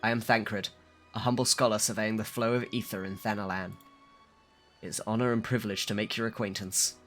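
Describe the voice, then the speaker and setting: A suave, wry young male scholar speaks in formal, old-fashioned phrases, read aloud by a man playing a game on stream. The voice sits a little low but has a bright, forceful edge. Faint game music plays underneath. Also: steady tone, fairly quick, close to an everyday voice. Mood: courtly. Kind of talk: reading game dialogue aloud on a live stream.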